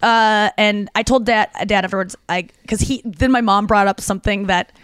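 A woman's voice: medium pitch, fairly even intonation, moderate pace, a bit bright, clear, resonant tone, no echo. A woman comedian co-hosting a podcast, telling rambling stories in casual chat with lots of "like" and restarts. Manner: chatty, filler-heavy, frequent "like" and restarts.

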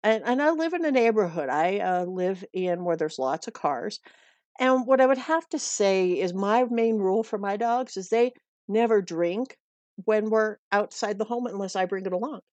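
A middle-aged woman from the United States talks through her dog-walking advice in a chatty, earnest manner and circles back to repeat her points. Her voice sits at an ordinary middle pitch. It is recorded close and dry, with no room sound. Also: lively intonation, normal speed, darkish tone, dry recording. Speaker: dog walker giving pet tips. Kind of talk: casual advice talk.

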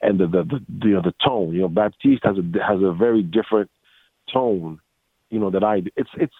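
Casting note: lower-voiced man, lively storyteller, dry phone-like audio. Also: fairly quick, vocal fry, no echo. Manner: animated storyteller, acts out quotes, many restarts. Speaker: voice actor guest. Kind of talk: casual interview. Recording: dry tinny phone-like line.

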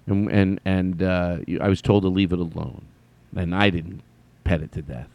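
A man hosting his own podcast, telling a rambling, self-deprecating comic story with halting restarts. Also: low voice, fairly even intonation, no room sound, muffled recording. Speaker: podcast host.

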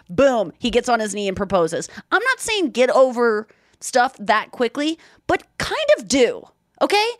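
A woman hosting a podcast, chatting casually and retelling scenes with bits of acted dialogue. Her voice sits a little high. The sound is dry and close to the mic. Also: unhurried, dry recording. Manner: animated storytelling, acts out quotes. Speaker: podcast co-host.

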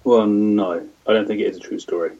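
Husky, laid-back male co-host. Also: lowish voice, fairly even intonation, fairly quick, mellow, muffled recording. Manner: laid-back, meandering, unsure of facts. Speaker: podcast co-host. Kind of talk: casual podcast chat.

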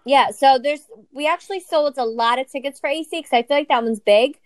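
A woman's voice: high-pitched, a little fast, dry recording. A woman co-hosting a podcast in casual chat, brash and swearing freely. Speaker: podcast co-host.

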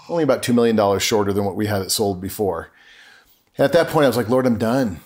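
A man's voice: lowish voice, quick pace, darkish tone. A middle-aged man talking as a podcast guest, telling a personal story earnestly and acting out remembered conversations. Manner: earnest, acts out remembered dialogue.

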